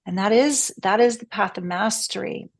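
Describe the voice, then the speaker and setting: A woman guest in a spiritual conversation, speaking gently and reflectively. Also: medium pitch, moderate pace.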